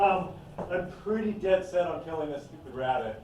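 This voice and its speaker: A man improvising a comedy scene, playing it with a sly, deadpan menace. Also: fairly high pitch, moderate pace. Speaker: improv performer. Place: live improv stage. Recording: echoey room from a distant mic with noise.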